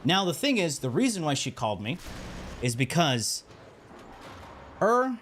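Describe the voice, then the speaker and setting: Guy streamer telling a wild story, swears a lot, voice jumps all over, bit high, noisy background. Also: unhurried. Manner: animated, profane, keeps checking in with "right?". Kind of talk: casual storytelling on a livestream. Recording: steady background noise.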